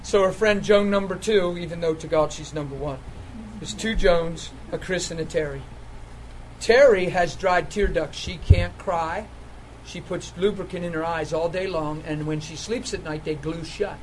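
A man with a high voice preaches, telling a healing testimony in an animated way and often laughing. His voice leaps up when he gets excited. Faint ambience hums behind him. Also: normal speed, a little hiss or hum, rough recording.

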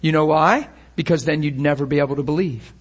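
A man preaching with fervor, firing rhetorical questions at his listeners. His voice sits on the higher side and has a husky, slightly rough edge. He acts out the scenes he describes as he tells them. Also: steady tone, brisk. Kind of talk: sermon.

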